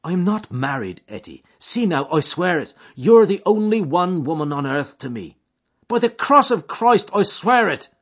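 A man's voice: high voice, sing-song, normal speed, pitched above the performer's own voice, full character voice. A man doing a coaxing lover. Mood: earnest. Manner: coaxing, earnest brogue. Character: young Irish man, smooth-talking, secretive lover. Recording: dull lo-fi recording.

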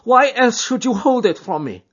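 A frantic nineteen-year-old woman pleads in a high, shrill voice that swings widely in pitch. She sounds slightly husky, on a dull lo-fi recording. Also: lively intonation, moderate pace. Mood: distraught.

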